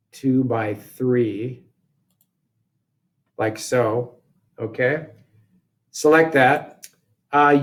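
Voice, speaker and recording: Slow, unhurried male software instructor. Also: medium pitch. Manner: talks through each step aloud, casual and self-correcting. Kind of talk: screen-recorded software tutorial.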